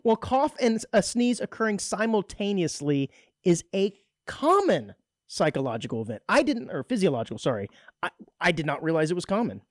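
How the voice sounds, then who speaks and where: A man co-hosting a community radio show, chatting casually with wry, teasing banter and a dry, deadpan streak. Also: high voice, brisk, no echo. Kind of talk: casual chat. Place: radio studio. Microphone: studio microphone.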